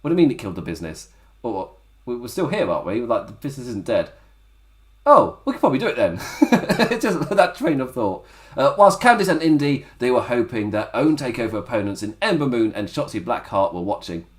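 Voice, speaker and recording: A man talks through a wrestling episode in a loose, rambling solo review. His pitch swings widely as he chuckles at his own asides and slips into quick mock voices. It sounds like an offhand chat rather than a script. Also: sing-song. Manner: rambling, laughs often, does mock voices. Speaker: wrestling review podcast host. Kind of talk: casual solo review commentary.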